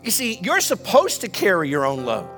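A man preaching a sermon as pastor, building animated emphasis as he goes. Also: sits high, normal speed, soft background music. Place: church.

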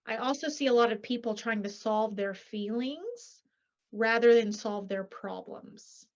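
A woman author, a guest in an interview, talking in a lively way and acting out quoted voices, with many rhetorical "right?"s. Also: a little high, a little slow, muffled recording. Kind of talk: animated interview talk.

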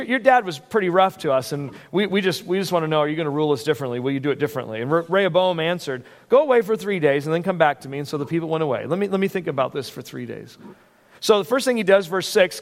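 A male pastor preaching a sermon in a conversational, animated way, with frequent restarts and asides. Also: on the high side, fast talker. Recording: long hall reverb.

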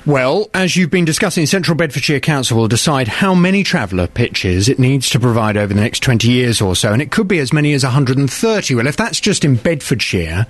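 A man's voice: mid-range voice, lively intonation, fairly quick, few pauses, dry recording. Playful male radio presenter, dry studio. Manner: mock-indignant, playful. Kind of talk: studio banter and show trail.

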